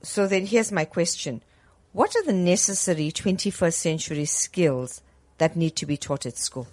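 A woman hosting an interview, asking calm, direct questions. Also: lowish voice, normal speed, no echo. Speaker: host.

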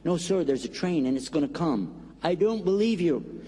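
A man playing a stubborn grown man camped on train tracks, answering in flat, obstinate denials. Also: fairly high pitch, moderate pace, husky, in a large hall.

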